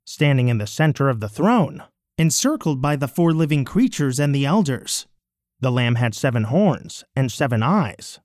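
A man giving a measured, solemn, declamatory scripture reading. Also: mid-range voice, a little mellow, no room sound, clean studio sound. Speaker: scripture reader.

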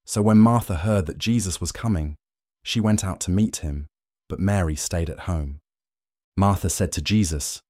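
A man narrating scripture in a steady, measured way. His voice is very deep and mellow. It is recorded dry and close, with no room sound. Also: no echo. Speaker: scripture reader.

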